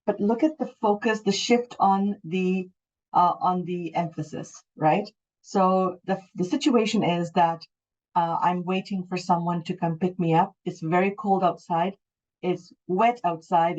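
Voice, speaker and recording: Patient lower-voiced woman teacher, lo-fi. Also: darkish tone. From Canada. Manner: patient, explanatory, repeats key points. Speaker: English teacher. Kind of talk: online class lesson. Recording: dull lo-fi audio.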